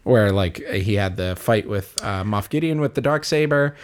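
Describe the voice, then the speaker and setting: A man's voice: fairly low pitch, animated, moderate pace. A man co-hosting a casual chat, eager, laughing often and swearing. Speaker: podcast co-host.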